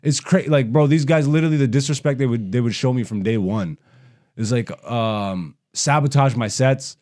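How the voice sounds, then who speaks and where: A man's voice: mid-range voice, moderate pace, darkish tone. A young man hosting a comedy podcast, talking in a heated, profane, rambling way in casual conversation.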